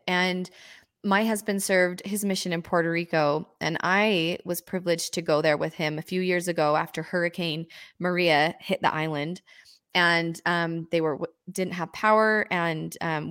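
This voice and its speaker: A woman's voice: on the low side, fairly even intonation, moderate pace, fairly bright tone, clear, resonant tone, no room sound, clean studio sound. A woman in her thirties hosting an interview, sharing personal stories in a heartfelt way and asking questions. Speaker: host. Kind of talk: conversational interview.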